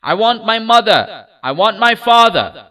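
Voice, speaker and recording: A man voicing a small lost boy who is crying and wailing for his parents in a shrill, tearful voice, in a storybook narration. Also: big pitch swings, measured pace, sharp tone, far from the mic, heavily acted.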